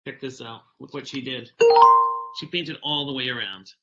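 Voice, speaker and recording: A man's voice: medium pitch, moderate pace, bright, forceful tone, highs cut off, soft background music. A man giving a conference talk, animatedly reading a picture book aloud and telling stories to the audience. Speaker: keynote speaker.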